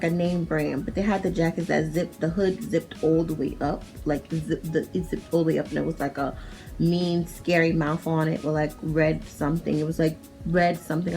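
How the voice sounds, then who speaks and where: A woman's voice: lowish voice, a little mellow. A young woman with a New York accent telling a personal story at home in a casual storytime vlog, chatty and profane, full of "like" and restarts. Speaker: vlogger. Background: faint music.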